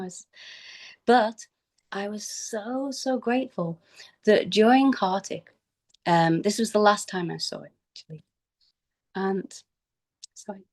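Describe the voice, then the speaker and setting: A woman remembers a teacher in an informal spoken homage, her mid-pitched voice carrying a steady gravelly fry. She talks haltingly, with plenty of fillers and restarts, and often sinks into a soft near whisper. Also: poor audio. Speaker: devotee giving a memorial homage.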